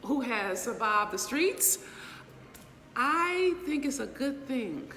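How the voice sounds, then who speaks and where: A middle-aged woman with a fairly high voice delivers a motivational livestream talk, emphatic and blunt, with casual profanity and constant rhetorical check-ins. Her voice rings with a long reverb. Faint background noise sits behind her. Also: sing-song, slow, pushed and bright. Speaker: inspirational speaker and business mentor.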